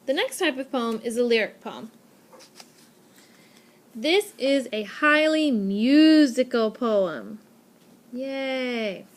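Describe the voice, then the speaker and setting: A woman's voice: on the high side, expressive, takes it slowly, pauses often. Upbeat young woman teaching a lesson. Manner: clear, upbeat teacherly explaining with emphatic repetition. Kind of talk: recorded lesson narration over slides. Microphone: tablet microphone.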